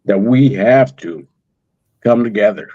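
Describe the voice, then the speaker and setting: A man talking in an emotional conversation, halting and repeating words as he speaks through tears. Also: fairly low pitch, warm tone, dry recording, lo-fi sound. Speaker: guest, father of a missing daughter.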